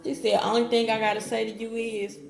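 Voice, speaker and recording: Gravelly woman telling a personal story. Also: on the high side, level tone, fairly quick. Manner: talks straight to viewers with Southern-style slang, quotes others in her own voice. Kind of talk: casual storytime monologue. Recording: echoey room.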